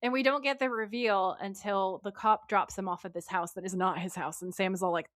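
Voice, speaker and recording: A woman's voice: mid-range voice, steady tone, a little fast, few pauses, a bit bright, no room sound, studio quality. A woman, co-hosting a podcast and animatedly recapping an episode, acting out quotes from her notes. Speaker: podcast co-host. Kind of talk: casual recap chat.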